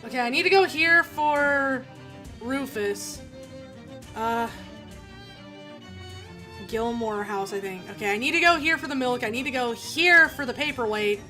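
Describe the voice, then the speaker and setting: A woman streamer playing a game, reading its text aloud in a chatty, giggly, halting way. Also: sits high, sharp tone, faint music behind.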